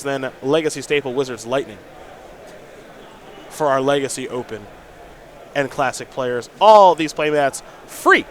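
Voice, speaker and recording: A man doing casual, chatty commentary banter at a live card game event, quick to laugh. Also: a little high, a bit bright, slight background noise.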